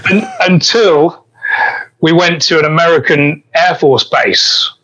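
A middle-aged man with a bright, forceful voice sitting a little high for a man. He tells easygoing, self-deprecating stories as a guest. His sound comes through dull and lo-fi, like a remote call. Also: slow. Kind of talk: storytelling in an interview. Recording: dull lo-fi line.

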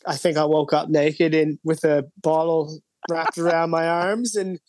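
Man, podcast guest, rambling casual talk, fairly high pitch, dry close sound. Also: level tone, unhurried, a little mellow, no room sound. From Canada. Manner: rambling, full of "like" and "you know". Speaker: guest musician.

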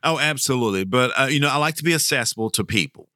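A middle-aged man from Texas, a professional Santa Claus, tells stories in an interview, animated and quick to laugh. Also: dry recording, clean studio sound. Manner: animated, jumps high when quoting kids, laughs often. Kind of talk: storytelling interview.

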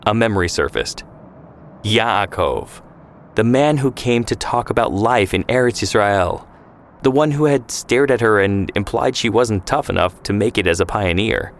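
Male narrator, very low pitch, calm scripted storytelling. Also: normal speed, slight background noise.

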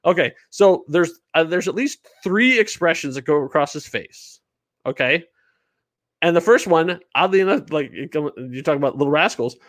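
A man co-hosting a podcast chat, his voice sitting high and swinging widely up and down. He talks animatedly and keeps acting out characters' expressions in little mock voices. The sound is close and dry, with no room around it. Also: animated, normal speed, fairly bright tone, no room sound. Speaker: podcast co-host. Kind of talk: casual chat reviewing a film.

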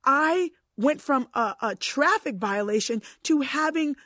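A woman with a fairly high voice recounts a personal story in casual conversation. She speaks in an animated, emotional way and often stumbles and restarts her sentences. The sound is dry and close. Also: unhurried, no room sound.

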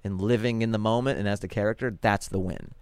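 A man's voice: on the low side, steady tone, fast, a little mellow, clean tone, no room sound, clean studio sound. A man, telling stories casually as a comedian guest on a podcast. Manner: laid-back storytelling with frequent fillers.

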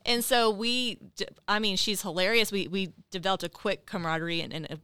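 A woman's voice: medium pitch, fairly even intonation, fairly quick, sharp tone, clear, resonant tone, no echo. A middle-aged woman, a guest on a podcast, telling stories in a chatty way and laughing often. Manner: chatty, laughing, acts out quoted voices. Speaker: guest quilter. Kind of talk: casual storytelling interview.

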